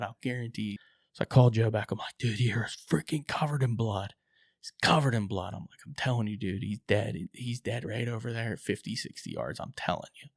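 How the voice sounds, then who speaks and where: Low gravelly man telling a wild story. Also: no room sound, studio quality. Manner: animated, swears casually, acts out his own quotes. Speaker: podcast co-host telling a hunting story. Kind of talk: excited casual storytelling.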